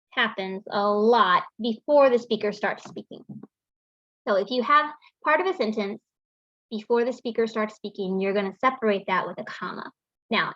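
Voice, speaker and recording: A woman's voice: a little high, a bit bright, no room sound. Patient woman teaching a writing lesson. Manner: patient, explanatory, with frequent ums and restarts. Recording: dull, lo-fi sound in a dry room.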